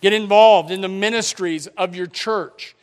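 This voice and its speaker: Man, preacher, high-pitched, emphatic sermon delivery, church sanctuary. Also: a little slow, clear, resonant tone. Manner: emphatic preaching with sudden loud and quiet swings. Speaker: pastor.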